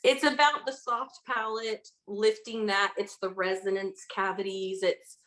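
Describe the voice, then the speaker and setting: A woman's voice: medium pitch, level tone, a little slow, a bit bright. A woman hosting a podcast, chatting casually and encouraging her guest with admiring remarks. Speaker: podcast host. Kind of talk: casual chat.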